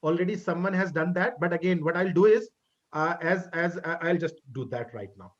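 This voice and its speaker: Halting man teaching over a video call. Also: a little high. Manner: halting, repeats words, friendly and encouraging. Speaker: college web development instructor. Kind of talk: online class lecture wrap-up. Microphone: computer mic on a video call. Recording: dull lo-fi call audio.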